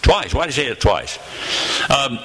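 Man in his 80s, preacher; bright, forceful voice, lively storytelling with dramatic pauses, sermon in a church. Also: medium pitch, husky, rough recording. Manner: animated storytelling, dramatic pauses and slowed phrases.

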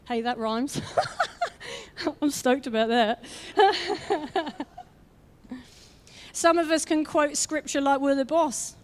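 High-voiced woman preaching a lively sermon. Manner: energetic and conversational, with quick asides; acts out quoted voices. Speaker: guest preacher.

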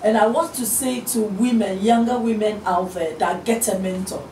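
A woman's voice: medium pitch, normal speed, darkish tone, soft background music. A middle-aged woman minister, a guest on an interview show, speaking in an earnest, encouraging way and acting out the voices she quotes. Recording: roomy studio audio from a distant mic, faint hiss.

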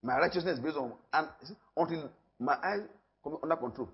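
Male pastor, sermon with call-and-response; dull low-fidelity church audio. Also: fast. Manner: animated preaching with call-and-response.

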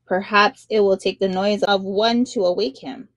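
A woman voicing a clever, brave young boy in a storybook read-aloud, sly and quick-witted. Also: mid-range voice, steady tone, no echo, close to an everyday voice. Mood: scheming.

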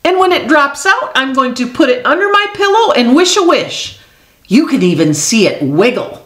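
A woman voicing a curious, eager little girl who asks question after question in a bright, childlike way. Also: a little high, sing-song, slow, pitched above the performer's own voice, heavily acted. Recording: echoey room.

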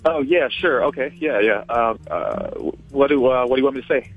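A man's voice: medium pitch, fairly quick, slightly rough, soft background music. A man taking a prank call, hesitant and defensive, heard over a phone line.

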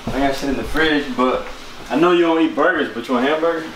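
A man's voice: mid-range voice, fast talker, a bit bright, recorded from a distance, slight background noise. A man, a friend off camera, giving laid-back short replies at home. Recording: echoey room, off-mic.

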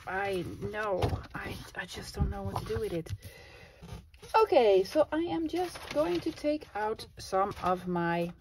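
A woman chatting casually to her viewers and to herself while making a collage, laughing often. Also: medium pitch. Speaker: craft vlogger. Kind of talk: casual crafting vlog chat. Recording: clear background noise with clicks.

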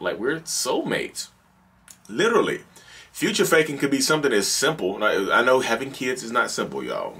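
A man's voice: fairly low pitch, a bit bright, breathy edge. A man with a Southern accent hosting a solo podcast, talking casually and emphatically, often repeating and restarting his phrases. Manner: repetitive, emphatic, restarts sentences, acts out quoted lines. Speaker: podcast host.

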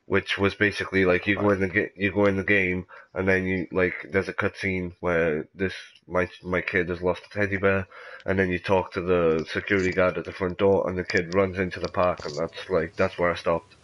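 A man commentating while playing a horror game, cursing freely and reacting loudly. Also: sits low, a little fast, low-quality recording. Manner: profane, animated, reacts loudly. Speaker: gameplay commentator. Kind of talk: let's play commentary.

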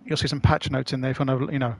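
A man's voice: medium pitch, level tone, very fast, creaky, dry recording. A man chatting casually to his live-stream audience as he plays, rambling, swearing and using slang. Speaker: gaming streamer.

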